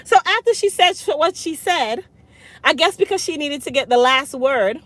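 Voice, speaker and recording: A woman with a Jamaican accent, a hair care business owner telling a storytime, blunt and animated, slipping into patois. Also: high voice, normal speed, no room sound. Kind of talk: storytime vlog.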